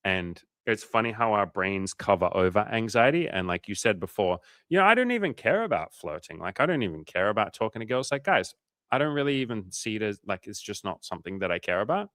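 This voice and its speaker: A man's voice: on the low side, big pitch swings, a little fast, a bit bright, no room sound, studio quality. A young man coaching on a livestream, chatting casually, joking and swearing while reassuring viewers. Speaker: dating coach. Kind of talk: casual livestream chat reading viewer comments.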